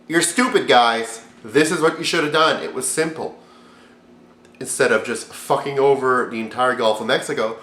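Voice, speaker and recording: A man giving a profane, sarcastic comedy rant as a video reviewer, swinging from loud outbursts to low mumbles. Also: normal speed, echoey room.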